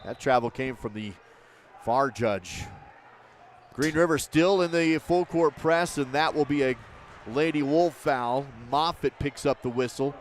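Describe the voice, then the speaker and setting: A man calling a live basketball game play by play, in quick, clipped phrases that lift on missed shots. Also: medium pitch, slight background noise. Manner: rapid, clipped calls that rise on misses. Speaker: play-by-play announcer.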